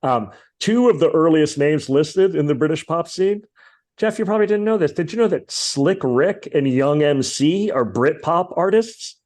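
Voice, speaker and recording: A man's voice: fairly high pitch, animated, normal speed, a little mellow. A man hosting a podcast, chatting casually about music in an opinionated, rambling way full of fillers. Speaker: podcast host.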